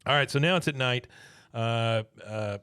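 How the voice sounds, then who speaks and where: A man co-hosts a podcast and narrates an episode in a relaxed, chatty way. His voice is mid-pitched, and the dry recording has no room echo. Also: a little slow, clear, resonant tone. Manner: chatty storyteller, laughs often. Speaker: podcast co-host. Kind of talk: casual episode recap.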